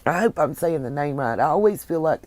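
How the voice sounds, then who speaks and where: A woman with a Southern US accent hosting a casual livestream, chatting warmly and thanking viewers by name. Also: deep voice, expressive, a little fast, no room sound. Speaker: livestream host reading viewer comments. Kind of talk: casual chat.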